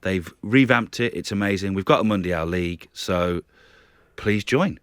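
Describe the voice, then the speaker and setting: A man's voice: deep voice, moderate pace, clean tone, no echo, clean studio sound. A man co-hosting a casual podcast, laughing often and defending himself playfully against teasing. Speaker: podcast co-host. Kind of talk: casual chat.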